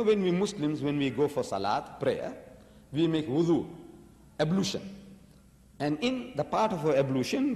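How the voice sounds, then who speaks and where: Male preacher, argumentative and emphatic, lecturing; raised pitch, reverberant hall. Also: darkish tone. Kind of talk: religious lecture to an audience.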